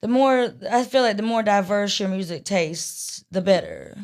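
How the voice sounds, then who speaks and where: A woman's voice: mid-range voice, expressive, normal speed, a little mellow. A woman from Georgia with a Southern accent, talking as a podcast guest in a chatty, rambling way with many restarts. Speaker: guest singer-songwriter. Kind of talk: casual podcast interview.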